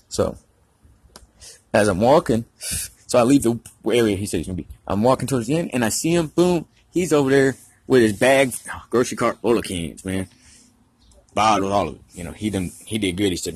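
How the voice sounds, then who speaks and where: A man's voice: lowish voice, brisk, husky, no echo. A man from Georgia, rambling through a casual, profane story. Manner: rambling, heavy profanity, slangy.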